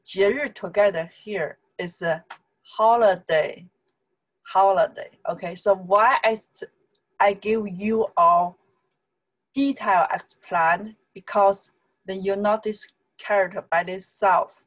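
A woman with a Chinese accent teaching an online lesson, drilling syllables slowly and checking in with "okay?" again and again. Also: medium pitch, poor audio.

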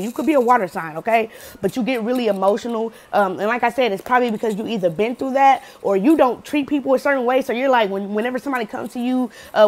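A woman doing a casual pick-a-card tarot reading, slangy and profane, checking in with the viewer and laughing often. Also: a little high. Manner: slangy, cusses freely, laughs often, acts out quotes loudly; says "okay?" often to the viewer.

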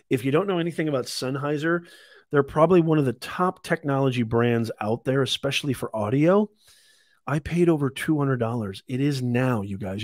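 A man's voice: medium pitch, dry recording, clean studio sound. Hyped man pushing deals. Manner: hyped salesy, repeats calls to add to cart. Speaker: host of live shopping stream. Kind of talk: live deal-hunting stream.

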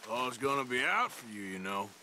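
Wry frontier gunman, drawling Old West talk, lively pitch, bright tone, faint outdoor hiss. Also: normal speed. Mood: warning.

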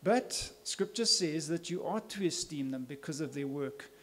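Male pastor, slightly raised pitch, emphatic church sermon delivery. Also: lively intonation, normal speed. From South Africa. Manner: earnest, emphatic preaching with rhetorical questions.

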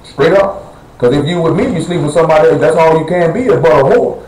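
A man's voice: on the high side, fast talker, darkish tone, echoey room, a little hiss or hum, low-quality recording. A man preaching a sermon to his congregation in a blunt, conversational way, questioning the listeners directly. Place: church assembly hall.

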